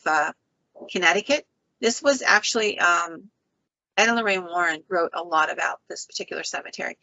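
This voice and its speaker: A woman host tells ghost stories in an animated, chatty way, often stopping with "um" and starting over. Her voice is bright and forward, and the recording sounds dry and a bit dull. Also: lowish voice, no echo. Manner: animated storyteller with frequent ums and restarts. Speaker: podcast host. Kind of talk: casual ghost-story telling.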